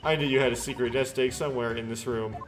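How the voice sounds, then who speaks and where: A man's voice: mid-range voice, steady tone, fast talker, over music, close to an everyday voice. A man reading as a sly ten-year-old girl. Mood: wheedling. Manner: reading game dialogue aloud. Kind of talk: game dialogue read-aloud.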